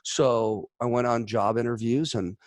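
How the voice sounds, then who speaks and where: A man from Chicago hosting a podcast, a blunt, energetic storyteller who talks in a motivational way. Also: medium pitch, a little slow, no echo, clean studio sound. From Chicago, USA. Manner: energetic storyteller, acts out quotes. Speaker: host. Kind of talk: casual podcast conversation.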